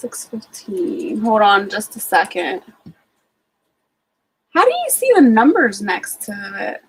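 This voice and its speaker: A woman's voice: mid-range voice, wildly swooping pitch, slow pace, breathy edge, poor audio. A woman with an Ohio accent hosting a casual livestream, rambling about her day with lots of fillers and greeting viewers by name. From Ohio, USA. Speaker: homesteading livestream host.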